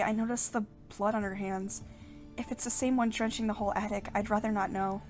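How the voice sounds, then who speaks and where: A woman hosting a game playthrough, reading the narration aloud with giggly, casual asides. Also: medium pitch. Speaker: let's play host.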